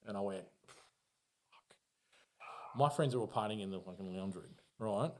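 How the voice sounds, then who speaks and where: Lowish-voiced Australian man telling a ghost story. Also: fast talker, slight background noise. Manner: profane, animated, acts out his own reactions. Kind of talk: casual storytelling.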